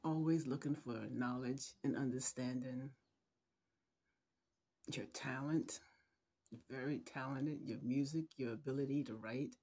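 A middle-aged woman giving a heartfelt video message to her adult son, holding back tears and speaking tenderly and haltingly, sometimes dropping to a whisper. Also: a bass voice, fairly even intonation, dark tone, husky.

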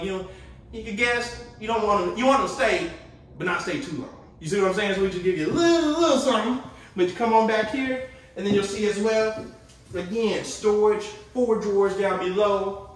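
Home sales host, male, high voice, upbeat and direct to viewers, heard from a distance with faint hiss behind. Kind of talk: walkthrough sales pitch of a home. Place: inside a small manufactured home. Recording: echoey room, mic far off, faint noise.

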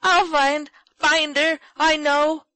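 A desperate young boy, voiced by a woman narrator, cries out in high, loud bursts. The storybook voice sits well above her narrating pitch and bursts forward with urgency. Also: takes it slowly, no echo, full character voice. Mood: tearful. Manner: shouting in high excited bursts. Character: excited young boy, tearful and frantic.

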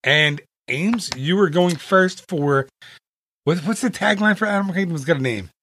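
A man's voice: on the high side, moderate pace, fairly bright tone, no echo. A man hosting a travel podcast in casual chat, with teasing, joking banter. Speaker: podcast host.

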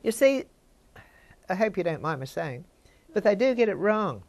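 A woman's voice: mid-range voice, big pitch swings, moderate pace, darkish tone. An older woman, giving informal Bible teaching and chatting with her listeners. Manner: conversational, chats with listeners.

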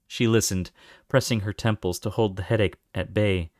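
A man narrating a fantasy novel aloud with expressive storytelling. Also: fairly low pitch, moderate pace, dry recording, clean studio sound. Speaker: audiobook reader.

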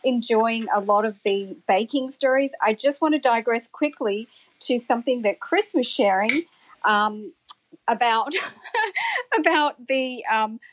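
A chatty woman with an Australian accent asks a guest questions in a casual audio chat. Her voice sits a little high, and she giggles and restarts her sentences often. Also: animated, a little slow, a little hiss or hum. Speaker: audience member asking questions.

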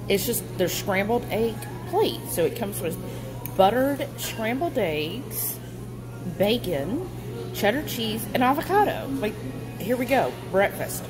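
A woman vlogger chatting casually to camera in an animated, storytelling way. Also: fairly high pitch, slow pace, over music, low-quality recording.

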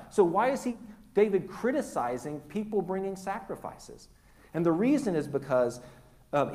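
A man preaching a sermon in a church, his voice sitting a little high for a man. He speaks earnestly and at times sinks to a near whisper to press a point home. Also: a little mellow. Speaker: pastor. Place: church sanctuary.

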